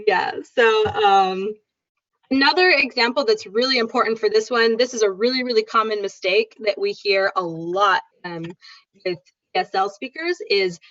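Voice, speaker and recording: A woman teaching English pronunciation in an online class, upbeat and demonstrative, repeating sounds slowly for her students. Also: medium pitch, a bit bright. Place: online video call. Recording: dull lo-fi video call audio.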